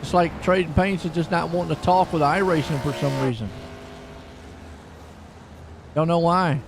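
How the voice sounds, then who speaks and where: A man's voice: on the high side, moderate pace, gravelly, background noise. A man doing laid-back play-by-play commentary for an online sim race, chatty and chuckling between calls.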